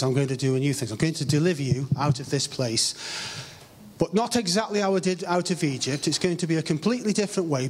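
An English man preaches from the front of a church, his fairly high voice ringing out with a long hall echo. He speaks earnestly and slows down on phrases he wants to land. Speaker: pastor. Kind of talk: sermon. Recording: live stream with long hall reverb.

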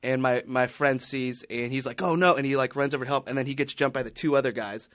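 Male podcast panelist, mid-pitch, casual rambling storyteller, dry sound. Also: fast talker, fairly bright tone, no room sound. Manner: rambling, many restarts and fillers.

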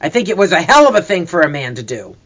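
A gruff grown man, voiced by a storybook reader, growls and scolds. The voice stays bright and lively despite the growl. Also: fairly high pitch, quick pace. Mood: angry. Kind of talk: storybook reading.

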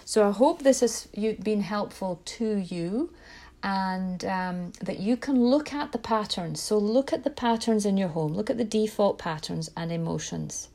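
A woman's voice: medium pitch, unhurried, warm tone. A woman giving parenting advice in an earnest, reflective way. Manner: earnest, reflective, with small restarts. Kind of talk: direct-to-camera parenting talk.

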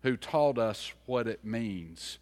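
A man in his fifties from the mountains, a pastor telling a folksy sermon story, swinging from loud to hushed. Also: mid-range voice, lively intonation, slow pace, big-room sound. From US mountains, later Charlotte.

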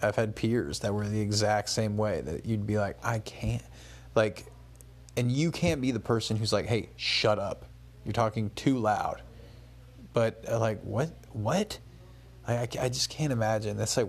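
Young male vlogger, lowish voice, loose rambling travel-diary talk full of fillers. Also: vocal fry. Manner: rambling and conversational, with many fillers and restarts. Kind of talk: casual spoken travel diary.

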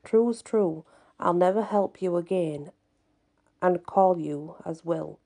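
Lady doing a spiteful tiny imp guy, sneery and low, slow and hushed. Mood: taunting. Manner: sly, taunting, hushed. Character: wicked wrinkled little male imp, mocking. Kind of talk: storybook reading.

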